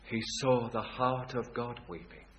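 A man preaching a sermon, swinging from hushed, quiet lines to loud, ringing ones. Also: medium pitch, unhurried, a little hiss or hum. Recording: dull lo-fi recording.

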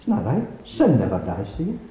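A man preaching a sermon, emphatically questioning the congregation, with sudden swings in loudness. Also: medium pitch, wildly swooping pitch, fairly quick. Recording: echoey, dull lo-fi recording.

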